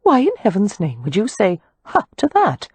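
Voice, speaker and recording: A woman's voice: mid-range voice, huge pitch swings, normal speed, darkish tone, breathy edge, dry recording, voice pushed up. A woman voicing a responsible, protective eldest sister who speaks in a firm, take-charge way in an audiobook. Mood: indignant.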